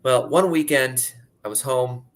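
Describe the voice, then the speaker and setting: A man in his thirties from Pennsylvania tells his personal story candidly and conversationally, often saying "like." His voice is mid-range and unhurried.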